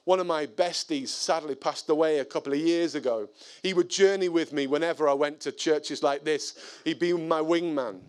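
A man preaching a sermon, telling stories in an animated, conversational way and reading scripture aloud. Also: on the high side, moderate pace. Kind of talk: sermon with storytelling.

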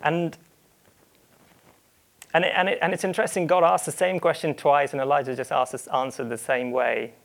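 A man's voice: a little high, flat delivery, moderate pace, creaky, long pauses. A man preaching a sermon, speaking earnestly, often restarting phrases and voicing quoted lines. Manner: earnest, with frequent repeated starts and quoted asides.

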